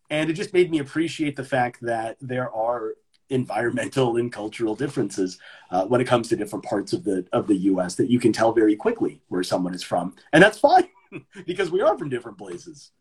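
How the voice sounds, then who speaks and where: A young man from Maryland with a mid-Atlantic American accent, talking casually as a podcast guest. His voice is a bit husky and his pitch sits in the middle. He explains at length, sometimes restarting with repeated words. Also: very animated, normal speed. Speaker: guest, English teacher and voice actor.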